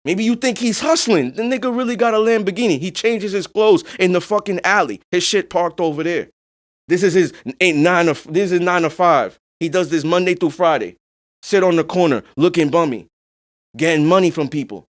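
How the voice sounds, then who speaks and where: A man's voice: high voice, normal speed. Blunt, profane man hosting a podcast. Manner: blunt, profane, emphatic, with frequent "you know what I'm saying". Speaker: podcast host. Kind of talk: casual podcast monologue.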